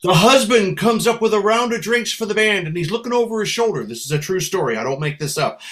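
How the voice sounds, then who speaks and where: Lively storytelling man, higher-pitched voice. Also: normal speed. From San Francisco, USA. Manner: lively storyteller, slips into accents for quoted people. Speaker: musician guest. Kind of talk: storytelling interview.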